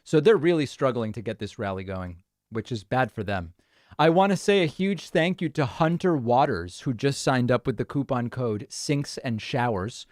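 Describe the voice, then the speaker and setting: A man hosting a live-stream show, commenting and reacting with quick exclamations. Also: mid-range voice, animated, no echo, studio quality. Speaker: show host.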